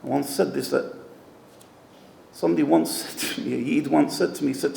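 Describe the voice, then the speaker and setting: Brief: high-voiced, gravelly male rabbi lecturing to an event crowd, roomy hall sound. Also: fairly even intonation, fairly quick, long pauses, warm tone, slight background noise. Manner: storytelling, emphatic. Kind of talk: sermon-style talk at an event. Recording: echoey hall with long reverb.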